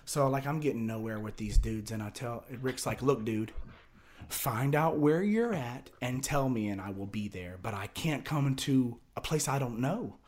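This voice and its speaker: A man telling a wild story in casual talk, rambling and profane with lots of fillers and restarts. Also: normal speed. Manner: drops low and quiet for tense parts, gets loud and high for excited quotes. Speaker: storyteller guest.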